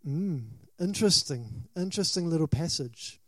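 A man's voice: sits high, expressive, measured pace, no echo. A man with a New Zealand accent preaching a sermon, questioning and dramatic, rising to emphatic bursts.

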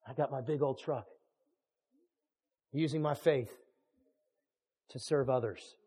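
A man preaching a sermon as a storyteller, animated, swinging from hushed lines to shouting. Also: medium pitch, takes it slowly, breathy edge, big-room sound. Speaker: pastor.

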